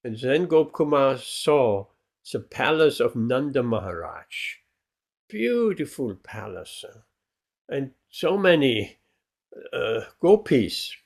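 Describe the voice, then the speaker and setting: A man, a spiritual teacher, telling a devotional story in a lecture, with many pauses and fillers. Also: a little high, gravelly.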